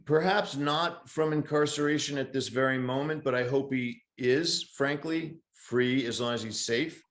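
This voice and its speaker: A man co-hosting a podcast in a casual chat, telling stories in a wry, rambling, deadpan way. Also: medium pitch, moderate pace. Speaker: podcast co-host. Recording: roomy echo.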